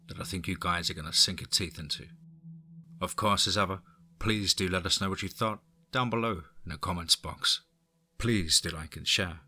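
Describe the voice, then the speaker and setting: A man's voice: sits low, bright, forceful tone. A man with a Cockney accent hosting a horror story podcast, introducing the story and asking listeners to like and share. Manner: friendly, promotional, asks for likes and shares. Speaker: podcast host and narrator.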